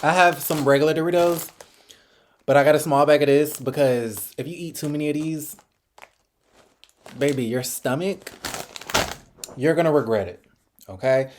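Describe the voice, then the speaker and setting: A man's voice: on the high side, moderate pace, pauses often, darkish tone, a little hiss or hum. A man hosting a casual mukbang vlog, talking bluntly in slang while he eats. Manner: chatty, blunt and slangy, talks while eating. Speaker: vlog host.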